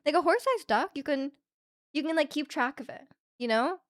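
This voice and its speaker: Chatty young woman streamer, rather high. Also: animated, brisk, dry recording, clean studio sound. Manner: rambling, chatty, with frequent fillers and light laughs. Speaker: livestreamer. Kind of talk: casual chat reading out viewer comments. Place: at home.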